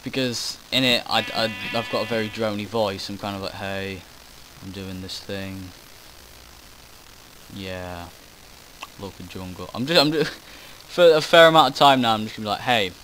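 Speaking fairly quickly and almost without pausing, a gamer comments loosely on his own recorded gameplay, frequently losing track, interrupting himself and swearing casually. His voice is mid-range and fairly bright, on a low-quality recording with a little hiss or hum.

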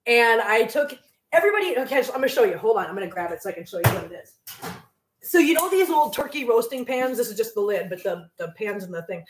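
Middle-aged woman, home cooking-stream host, rambling and friendly, slightly high voice, echoey kitchen. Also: background noise. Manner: chatty, rambling, laughs often, coos at her cats. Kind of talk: casual chat while cooking live.

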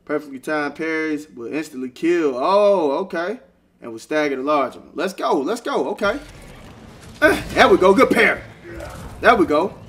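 A young man giving excitable, casual commentary while playing a video game and talking back to the characters. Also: on the high side, moderate pace. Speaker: gaming streamer. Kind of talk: casual let's-play commentary.

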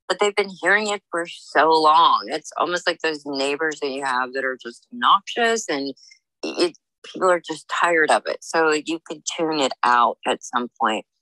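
A woman working as a psychic medium, giving a reading in a halting, searching way with many fillers and restarts. She speaks in the first person as the people she senses. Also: sits low, pushed and bright, no echo, poor audio. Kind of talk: intuitive reading monologue.

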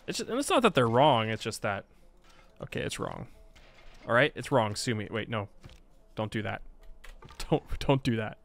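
A man's voice: fairly low pitch, very animated, normal speed, creaky, long pauses. A man giving casual Let's Play commentary on a strategy game, chatty and self-mocking, often talking back at the game.

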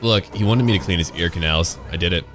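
Deep-voiced man joking through a game. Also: quick pace. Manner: sarcastic, jokey running commentary. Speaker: gaming YouTuber. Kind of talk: let's play commentary. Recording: voice over loud game music.

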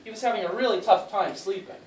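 Reading a school play line by line for children to echo, a woman teacher narrates in a fast, expressive, medium-pitched voice with a darkish tone. The school room sounds echoey, captured from a distant mic with faint noise.

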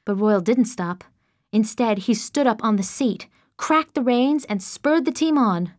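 Woman narrator, audiobook, fairly high voice, dry close recording, expressive storytelling. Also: unhurried, no echo. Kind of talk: first-person audiobook narration.

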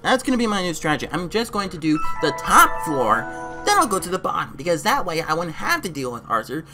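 A woman giving let's play commentary on a game, excitable and exasperated, talking to the character on screen. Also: lowish voice, fast talker. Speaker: gamer. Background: game music.

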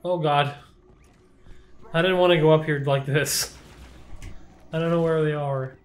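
A man's voice: a little high, steady tone, measured pace. A young man commentating his first playthrough of a shooter game, jumpy and swearing often, yelping when startled. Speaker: gameplay streamer.

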